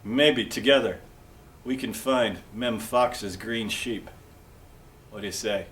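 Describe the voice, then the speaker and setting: A man's voice: lowish voice, takes it slowly, a bit bright, a little hiss or hum. A man narrating a hard-boiled detective parody in a wisecracking tough-guy manner, announcing a library storytime.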